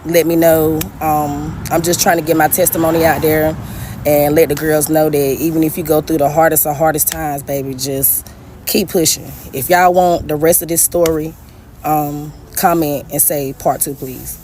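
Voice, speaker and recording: A young woman casually telling her own story straight to her viewers. She talks in an animated, conversational way, full of "like" and "y'all.". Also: sits low, normal speed, slight background noise. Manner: animated and conversational, often addressing listeners as "y'all", many "like" fillers. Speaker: storyteller sharing a personal story.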